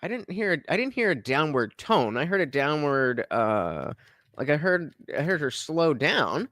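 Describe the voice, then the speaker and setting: A man hosting a live stream, reacting to a clip and excitedly thanking donors, sometimes breaking into shouts. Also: on the high side, measured pace, dry recording. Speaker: livestream reaction host. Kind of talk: casual live-stream chat.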